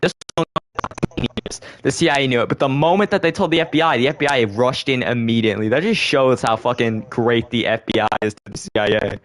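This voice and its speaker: A man's voice: mid-range voice, fast talker, slight background noise. A young man hosting a casual podcast, rambling and swearing freely, often correcting himself as he goes. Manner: rambling, profane, self-correcting. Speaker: podcast host. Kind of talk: casual conspiracy chat.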